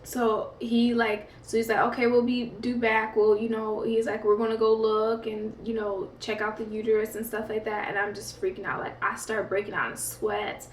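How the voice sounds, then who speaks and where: A woman's voice: on the high side, flat delivery, moderate pace, hardly any pauses, slight background noise. A woman vlogger telling a story in a rambling, chatty way, full of fillers and laughs. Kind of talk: casual storytime. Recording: echoey room, mic at a distance.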